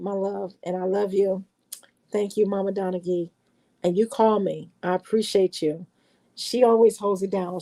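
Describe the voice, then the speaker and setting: Middle-aged woman vlogger, warm low voice, folksy chat. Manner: chatty, affectionate, folksy. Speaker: vlogger greeting her viewers. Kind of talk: casual chat.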